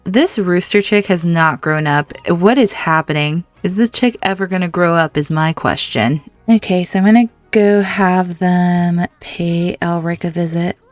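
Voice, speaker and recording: Slow-talking young woman narrating gameplay. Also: on the low side, no room sound, soft background music. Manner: chatty, scolds game characters playfully. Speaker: gaming video host. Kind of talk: casual gameplay commentary.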